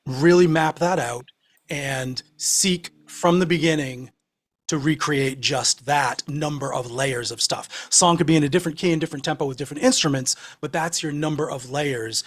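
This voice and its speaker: A man's voice: fairly high pitch, moderate pace. Rambling man musing on songwriting. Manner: rambling, with frequent ums and restarts. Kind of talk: casual chat about songwriting.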